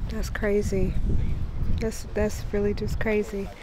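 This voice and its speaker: A woman's voice: medium pitch, little pitch movement, slow, noisy background. A woman vlogging casually outdoors on a trip, emotional and grateful, swearing now and then. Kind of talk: casual vlog chat.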